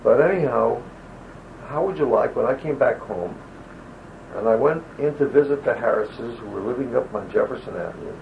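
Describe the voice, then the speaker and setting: At normal speed, a mid-range voice with vocal fry tells loose, digressive wartime stories, acting out the people being quoted. The speaker is an older army veteran in an oral-history interview, recorded with a home audio recorder onto lo-fi old tape carrying a faint hiss.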